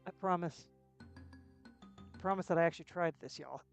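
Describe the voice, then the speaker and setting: Chatting casually with her viewers while playing a video game on stream, a woman talks to herself in rambling fashion and often restarts. Her voice is low-ish and creaky at a moderate pace, with faint music behind.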